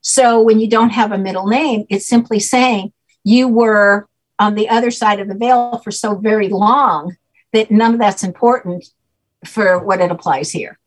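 A woman guest explaining spiritual ideas in a measured conversational way. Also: medium pitch, steady tone, rough recording. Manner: measured, explanatory, with occasional fillers.

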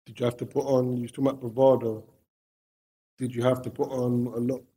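A man's voice: mid-range voice, level tone, fast talker, mellow. A man interviewing a guest casually, asking eager, probing follow-up questions.

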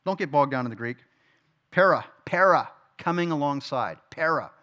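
A middle-aged man gives a sermon from a church stage, his voice sitting a little high for a man. He keeps it conversational, tossing questions to the room and answering them himself. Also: lively intonation, moderate pace, sharp tone, muffled recording. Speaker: pastor teaching Bible study.

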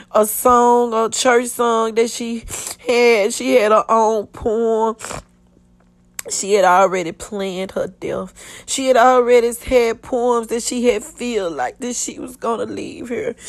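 A woman with a somewhat high voice gives an emotional personal testimony, breaking into fervent prayer and near tears as she speaks. The sound is dry and close, with no room echo. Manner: tearful, pleading, with fervent prayerful outbursts. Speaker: podcast storyteller.

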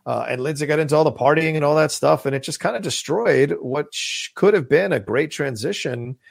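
A man's voice: fairly high pitch, brisk, vocal fry, no echo, studio quality. A man co-hosting a casual podcast, rambling enthusiastically about movies and swearing now and then. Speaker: podcast co-host.

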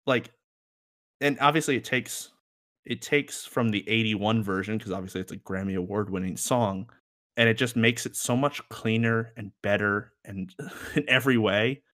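Rambling low-voiced man chatting music. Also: moderate pace, fairly bright tone. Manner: rambling, joking, laughs often. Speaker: podcast co-host. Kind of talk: casual music review chat.

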